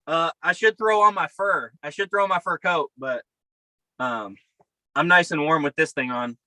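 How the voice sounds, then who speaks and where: Bright-voiced man on a video call. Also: a little high, normal speed, no room sound, rough recording. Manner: profane and upbeat, rambling. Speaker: podcast co-host. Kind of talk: casual chat. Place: camper by a river outdoors.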